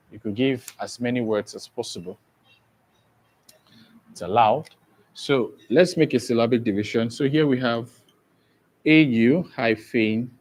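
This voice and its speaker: A male English teacher runs an exam-prep lesson slowly and deliberately, spelling words letter by letter and repeatedly checking whether the class understands. His voice is medium-pitched, and the recording is rough.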